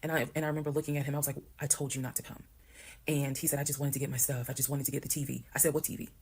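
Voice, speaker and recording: A woman from Georgia, telling a personal story to camera in a lively way and acting out the voices of the people in it. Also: very deep voice, racing, breathy edge. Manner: animated, acts out quoted voices. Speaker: storyteller in a TikTok clip. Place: played clip heard on a stream.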